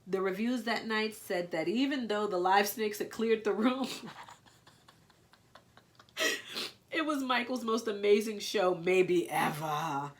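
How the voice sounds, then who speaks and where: A woman's voice: mid-range voice, slow, pauses often. Nasal woman reading a picture book. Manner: playful, gushing asides between read lines. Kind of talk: reading a picture book aloud with chatty asides.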